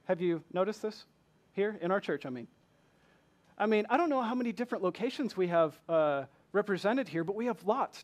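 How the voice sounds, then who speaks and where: A man from Michigan with a Southern accent, preaching a passionate sermon in a church and asking the congregation many rhetorical questions. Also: sits high. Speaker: pastor.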